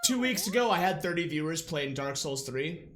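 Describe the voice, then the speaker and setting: A game streamer giving live commentary while playing, loud and excitable, often yelling, swearing and laughing. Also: medium pitch, moderate pace. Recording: roomy room with game music.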